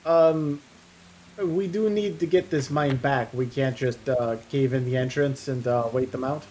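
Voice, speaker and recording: A man's voice: medium pitch, measured pace, a little mellow, a little hiss or hum. A man speaking as a player in a tabletop game, joking and incredulous. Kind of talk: casual play talk.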